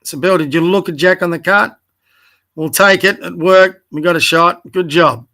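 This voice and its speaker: A man's voice: high voice, normal speed, sharp tone. A man coaching youth basketball, reviewing game video in direct, corrective, encouraging talk and naming his players, tired late at night. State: tired, yawning. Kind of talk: casual video review commentary.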